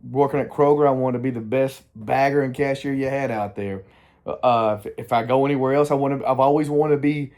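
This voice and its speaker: A middle-aged man with a drawl talks openly to his camera in a loose personal vlog. He meanders, restarts his sentences and drifts off topic, in an ordinary mid-pitched voice. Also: warm tone. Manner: candid, meandering, self-interrupting. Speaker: vlogger.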